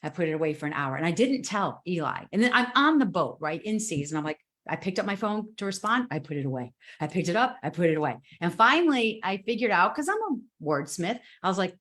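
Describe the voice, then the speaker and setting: Woman telling a story on a live chat, animated, lots of emphasis, mid pitch. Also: quick pace, few pauses. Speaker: guest speaker.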